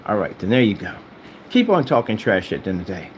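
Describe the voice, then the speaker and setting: Casting note: boastful, taunting man, wildly swinging pitch, faint room hiss. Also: sing-song, fast. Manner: taunting, boastful, sing-song asides. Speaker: screen paint maker. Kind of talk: boastful rant to rivals.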